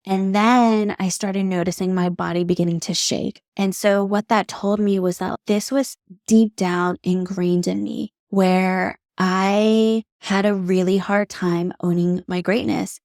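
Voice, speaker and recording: A young woman, a beauty artist, hosts her own solo podcast, telling personal stories candidly and from the heart with some casual swearing. Her medium-pitched, darkish voice is fairly even and unhurried with few pauses, recorded cleanly in a studio with no echo.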